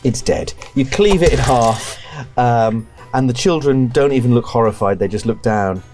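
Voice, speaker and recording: A man's voice: mid-range voice, animated, moderate pace, a little mellow, faint music behind. A man narrating a tabletop horror game as keeper, hesitant and full of ums. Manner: hesitant, lots of ums and laughter.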